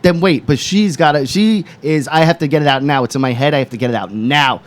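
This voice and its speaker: A man's voice: a little high, fairly quick. A man co-hosting a podcast, ranting emphatically and profanely in casual chat. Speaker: podcast co-host.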